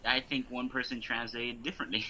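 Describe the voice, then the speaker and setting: A young man co-hosting a casual fan podcast, talking in halting bursts that restart mid-phrase. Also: mid-range voice, level tone, pushed and bright, slight background noise. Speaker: podcast co-host. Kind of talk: casual chat. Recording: dull lo-fi audio.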